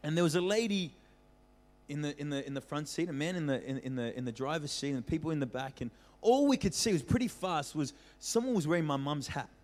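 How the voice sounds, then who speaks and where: A young man preaching as a pastor, telling a childhood story with lively acted-out voices and frequent laughter. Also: fairly high pitch, brisk. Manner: animated storyteller, acts out voices, laughs often. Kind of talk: storytelling sermon. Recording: reverberant hall.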